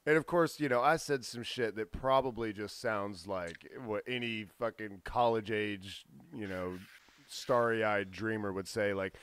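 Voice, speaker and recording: Smooth-voiced man telling a rambling story. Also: lowish voice, unhurried. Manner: rambling, animated when quoting others. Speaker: podcast co-host. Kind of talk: casual storytelling chat.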